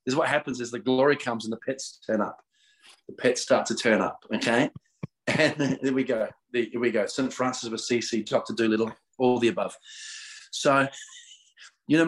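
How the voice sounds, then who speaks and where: A man's voice: mid-range voice, fairly even intonation, moderate pace, poor audio. A middle-aged man, a podcast guest, talking in a casual spiritual way and praying, laughing often and repeating his words. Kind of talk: casual spiritual chat and prayer.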